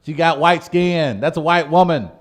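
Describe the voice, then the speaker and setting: A man's voice: a little high, normal speed. A man co-hosting a comedic podcast, ranting with big energy and frequent laughter. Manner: animated, ranting, laughs often. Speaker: podcast co-host.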